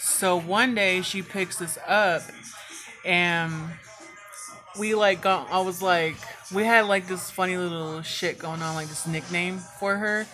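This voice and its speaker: A woman's voice: fairly low pitch, fairly even intonation, takes it slowly, a bit bright, soft background music. A woman telling a storytime vlog in casual chat, swearing freely and filling her speech with "like". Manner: casual, heavy cursing, frequent "like" fillers. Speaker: vlogger.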